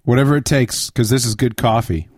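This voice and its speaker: A man co-hosting a casual podcast, playful and quick to crack jokes, swearing freely as he riffs. His voice sits mid-range, recorded dry and close. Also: medium pitch, fairly even intonation, darkish tone, no echo. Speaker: podcast co-host. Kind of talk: casual chat.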